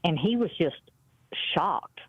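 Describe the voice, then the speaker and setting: A woman's voice: on the low side, lively intonation, slow, no echo. Blunt woman in her fifties. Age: 50s. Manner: blunt storytelling, quoting others. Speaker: caller. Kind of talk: casual call-in chat. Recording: muffled dry phone-in audio.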